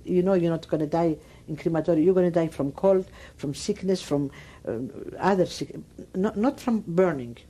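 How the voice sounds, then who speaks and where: A woman's voice: fairly low pitch, normal speed, few pauses, dark tone, slightly rough. A woman in her nineties with a Greek accent, speaking broken English in an emphatic, repetitive way as an interviewee. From Greece. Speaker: Holocaust survivor interviewee. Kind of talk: oral history interview.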